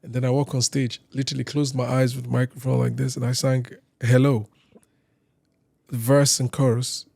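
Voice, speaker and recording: A man from Nigeria, a singer on a podcast, telling casual stories in a lively way and acting out other people's lines. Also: medium pitch, normal speed, creaky. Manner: lively anecdote teller who acts out other people's lines. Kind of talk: casual storytelling chat.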